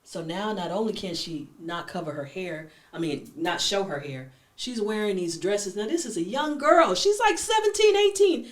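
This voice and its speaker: Woman host, animated storyteller, echoey room, mic at a distance. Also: medium pitch, normal speed, few pauses. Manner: animated storyteller, acts out characters. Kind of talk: storytelling talk show. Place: room with guests.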